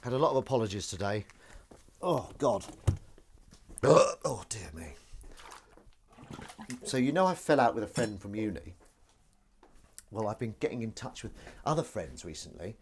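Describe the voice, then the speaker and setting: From his home kitchen, a man hosts a casual livestream, washing up while he talks to his viewers and his cat in a rambling, self-deprecating way. His voice is fairly low with lively intonation, at a normal speed with long pauses, and there's slight background noise.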